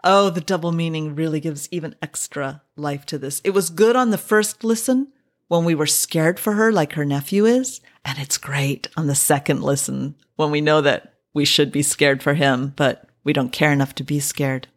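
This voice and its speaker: A woman hosting a podcast, chatting wryly about an old radio drama with many drawn-out "oh"s. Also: sits low. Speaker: podcast host.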